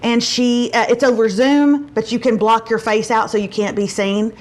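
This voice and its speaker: A middle-aged woman hosting a casual chat show and telling stories, acting out quotes with big jumps in pitch. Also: little pitch movement, moderate pace. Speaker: show host.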